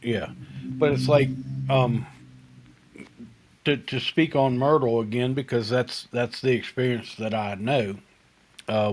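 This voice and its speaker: A man hosting a casual online hangout, telling stories between laughs and swearing freely over a video call. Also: medium pitch. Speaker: host. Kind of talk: casual chat, storytelling.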